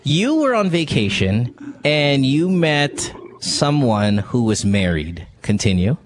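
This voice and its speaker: A man's voice: mid-range voice, sing-song, slow. A man hosting a radio advice show, joking and teasing his callers and staff. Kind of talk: casual advice chat with callers.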